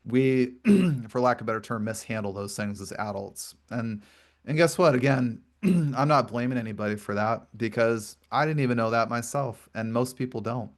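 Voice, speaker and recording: A man's voice: mid-range voice, normal speed. A male podcast host in a conversational interview, explaining earnestly at length and often repeating words. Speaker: podcast host and grief coach.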